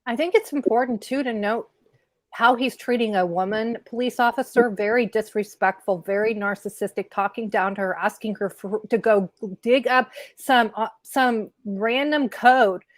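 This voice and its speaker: A woman guest in an interview, talking earnestly and candidly in quick bursts with fillers. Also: fairly high pitch, dry recording. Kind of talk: conversational interview commentary.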